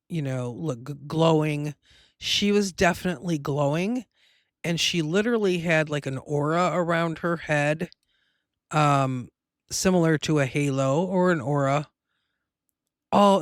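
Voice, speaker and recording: A woman's voice: low voice, no echo, clean studio sound. A woman hosting her own show, telling a personal story in a rambling, emotional way with many fillers. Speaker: host.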